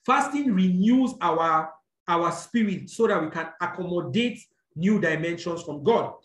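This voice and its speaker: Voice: medium pitch, expressive, unhurried. Echoey preacher teaching a sermon. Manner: explanatory, checks in with "all right?", corrects own slips. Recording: echoey room.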